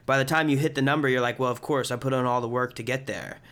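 A man's voice: mid-range voice, steady tone, fast talker, a bit bright. A young man hosting a podcast interview, upbeat and encouraging, calling his guest dude. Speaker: podcast host. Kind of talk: casual interview chat.

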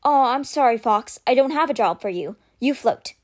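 Storybook read-aloud: a woman doing a young male leader, brisk and urgent, lively intonation. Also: a little high. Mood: apologetic. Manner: brisk commands to a team.

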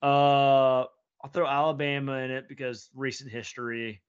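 A man co-hosting a podcast in casual chat, hesitant and thinking aloud with many pauses. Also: mid-range voice, level tone, clean tone, lo-fi sound. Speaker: podcast co-host.

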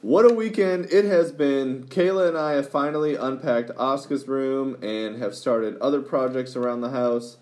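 A man's voice: mid-range voice, moderate pace, few pauses, a little mellow, reverberant. A young adult man with a Minnesotan accent hosting a casual podcast chat, laughing often and restarting his sentences. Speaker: podcast host.

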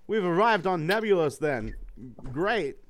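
A man's voice: high voice, expressive, measured pace, pitched above the performer's own voice. A man reading the lines of a cheerful young male robot hero in a breezy, friendly, slightly boastful way. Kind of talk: reading a character's lines aloud.

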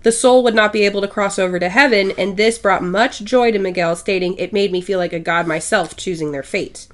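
A woman co-hosting a podcast, reading prepared narration in a steady way. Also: medium pitch, normal speed. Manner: steady, reads from notes. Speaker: podcast co-host.

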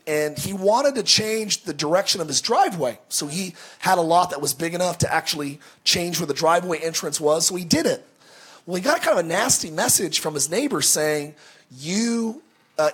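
Male pastor, sermon storyteller; animated, joking delivery with stumbles, high and husky voice.

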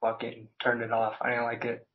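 A man's voice: medium pitch, completely flat delivery, brisk, dull audio. A man as a podcast guest, chatting casually in a laid-back way, swearing and using many "like" fillers. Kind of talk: casual chat.

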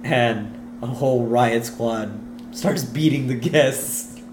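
A man's voice: mid-range voice, slow pace, noisy background. A man co-hosting a podcast, recapping a cartoon episode in casual chat and retelling scenes eagerly. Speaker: podcast co-host.

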